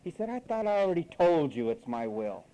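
A male preacher delivering a sermon with a lively, swooping delivery and a higher-than-usual voice. His tone is mellow and dark, and he scolds and mocks while acting out what others say. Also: fairly quick, low-quality recording.

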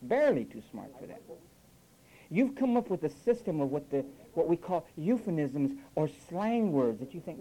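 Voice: medium pitch, big pitch swings, moderate pace, dark tone, rough recording. A preacher delivering a sermon with sarcastic asides, mimicking the phrases he criticises. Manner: sarcastic, mocks quoted phrases with acted voices.

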